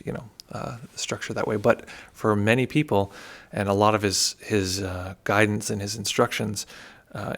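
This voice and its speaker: A man teaching meditation on a livestream, telling a story in a relaxed, thoughtful way with frequent digressions. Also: fairly low pitch.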